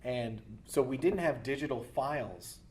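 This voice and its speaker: A man and voice actor chatting in a convention interview, telling lively stories about his work and jumping into high cartoon voices. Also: unhurried, crowd noise. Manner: animated storyteller, bursts into high cartoon voices. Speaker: voice actor and director. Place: busy convention floor.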